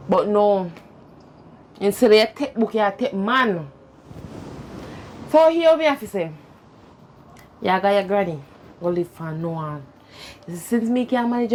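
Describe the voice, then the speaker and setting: A woman's voice: mid-range voice, a little mellow, a little hiss or hum, lightly acted. An actress playing a hardworking Jamaican mother who sells goods by the roadside, scolding her daughter over and over. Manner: scolding, repetitive interrogating. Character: furious hardworking street-vendor mother. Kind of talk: Jamaican film acting.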